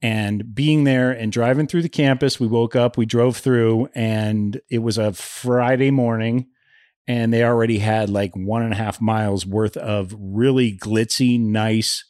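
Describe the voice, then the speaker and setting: Male co-host, mid-pitch, relaxed rambling chat, dry close sound. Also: unhurried, dry recording. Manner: relaxed, rambling sports talk. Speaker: podcast co-host. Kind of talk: casual travel chat.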